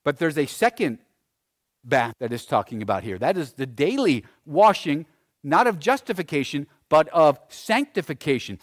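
A man preaching a sermon, swinging between loud emphasis and hushed phrases, often repeating words as he presses a point. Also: a little high, big pitch swings, moderate pace. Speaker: pastor.

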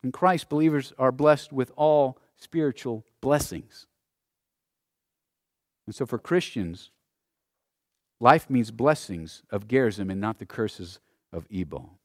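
A man's voice: medium pitch, takes it slowly, long pauses, no room sound, clean studio sound. A male pastor preaching a sermon and reading Scripture aloud, building to emphatic, rising peaks.

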